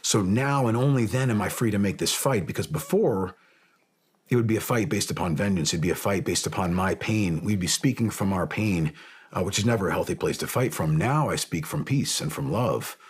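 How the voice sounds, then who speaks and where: A man's voice: low voice, brisk. A man in his forties, a Navy officer, speaking earnestly about faith and forgiveness in a podcast interview, building to impassioned emphasis at times. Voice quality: very smooth, resonant. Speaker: podcast guest, Navy SEAL captain.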